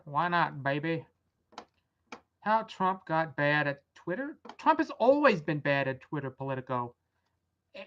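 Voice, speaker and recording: A young woman rambles through casual commentary in a blunt, exasperated tone and swears freely. Her voice sits on the low side. The home recording sounds dull and lo-fi. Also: a bit bright. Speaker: vlog host. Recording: dull lo-fi audio.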